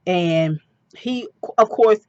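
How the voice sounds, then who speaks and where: A woman's voice: on the low side, very slow, muffled recording, slight background noise. Chatty woman recapping a show. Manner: animated storytelling with asides. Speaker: TV episode recapper. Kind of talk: casual TV recap.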